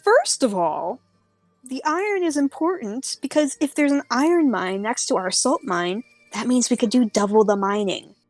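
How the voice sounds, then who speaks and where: A woman voicing a brisk tavern keeper woman who is pushy and exasperated, in a tabletop game. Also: fairly high pitch, animated, no room sound, faint music behind, voice pushed up. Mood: insistent.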